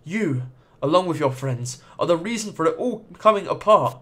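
A man's voice: fairly high pitch, lively intonation, normal speed, fairly bright tone. A man reading the lines of a stern, regal woman who leads a cult, in a cold, scolding tone. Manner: cold, scolding, self-righteous.

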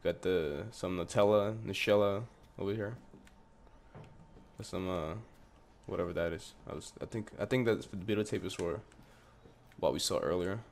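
This gameplay commentator has a low-sitting voice and speaks at a normal pace over slight background noise. Swearing freely as he plays a horror game, he startles at each scare and argues with the screen, using a desk mic with headphones on.

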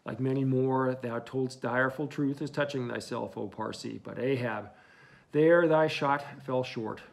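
A man's voice: mid-range voice, steady tone, a little slow, gravelly. A man reading an old one-legged whaling captain's lines in a brooding, solemn audiobook delivery. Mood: grim.

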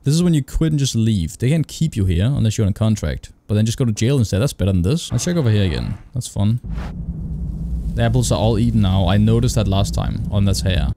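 Guy narrating a horror game, mellow low-ish voice, sarcastic, swears at characters. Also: expressive, quick pace. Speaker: gaming YouTuber. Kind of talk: let's play commentary, reading game dialogue aloud.

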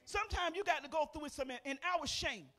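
An older woman preaching a personal testimony from a church pulpit. She speaks in a folksy, conversational way and keeps calling out to the congregation. Her voice jumps from loud, emphatic bursts to near-murmured asides. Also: sits high, expressive, brisk. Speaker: pastor. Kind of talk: testimony sermon. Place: church sanctuary.

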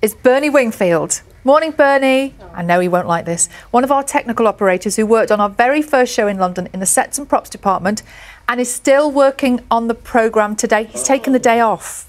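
Quick, teasing female TV presenter. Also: a little high. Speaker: breakfast TV presenter. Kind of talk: live TV presenting.

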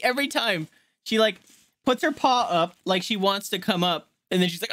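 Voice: medium pitch, animated, normal speed, fairly bright tone, a little hiss or hum. A game streamer chatting casually on a live stream, often cooing baby talk at a pet dog between gameplay remarks.

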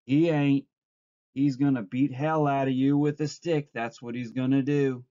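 A man's voice: medium pitch, steady tone, unhurried, warm tone, no room sound, close to an everyday voice. A man doing a scornful, taunting giant rabbit. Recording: dull lo-fi recording.

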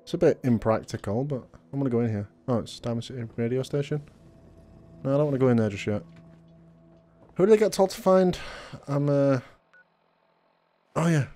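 Easygoing gamer, warm voice. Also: male voice, mid-range voice, animated, a little fast, pauses often. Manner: rambling, easygoing, many fillers. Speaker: gaming video host. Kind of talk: casual let's play commentary.

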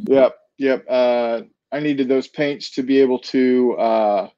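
A hesitant man telling a story with lots of pauses and uhs. His voice is mellow and dark, on a dry, dull, lo-fi recording. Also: medium pitch, steady tone, dry recording. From Kansas City area. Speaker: co-host. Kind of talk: casual chat.

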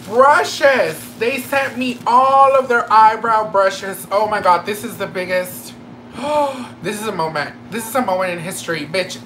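A woman beauty vlogger talks through a makeup unboxing in a campy, excitable way, full of gasps, squeals and slangy asides. Her voice sits at an ordinary pitch for a woman. The home recording carries a clear layer of background noise. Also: low-quality recording. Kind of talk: casual makeup unboxing chat.

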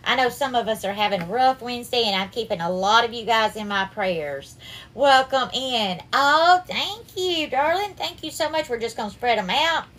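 A woman's voice: on the high side, expressive, moderate pace, a bit bright. A woman with a Southern US accent hosting a casual cooking livestream, greeting viewers by name and calling them darling and sweetheart. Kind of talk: casual live-stream cooking chat.

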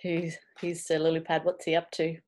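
A woman reading a children's picture book aloud over a video call, expressive and playful, slipping into whispers and little asides. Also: low-pitched, moderate pace. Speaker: children's storybook reader.

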